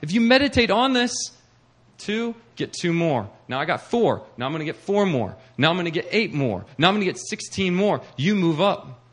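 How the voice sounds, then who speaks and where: Fervent preaching man, high-ish voice. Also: sing-song, normal speed. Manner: swings from hushed to fervent, builds to urgent preaching. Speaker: pastor. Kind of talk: sermon.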